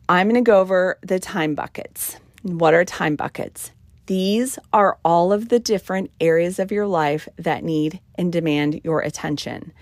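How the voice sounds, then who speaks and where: A woman's voice: fairly low pitch, dry recording. A middle-aged woman hosting a podcast in a casual, emphatic, chatty way, with frequent ums. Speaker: podcast host. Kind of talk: casual solo podcast talk.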